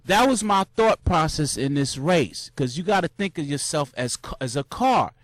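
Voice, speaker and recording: A young man casually recounting a marathon, animated and full of slang, jumping into high shouts when he acts out cheering crowds. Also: normal speed, no room sound, studio quality. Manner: loose, repetitive slang with many restarts. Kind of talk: casual storytelling monologue.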